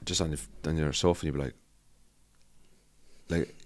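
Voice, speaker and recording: A man with a Cork Irish accent, a comedian guest on a podcast, trading quick, crude banter in casual chat. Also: very deep voice, fairly even intonation, a little mellow. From Cork, Ireland.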